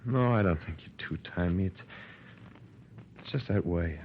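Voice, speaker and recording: An actor in a 1930s radio drama playing a steady, plain-spoken man hoping to win back his former love. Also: low-pitched, normal speed, narrow, tinny audio, a little hiss or hum, natural voice. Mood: resigned.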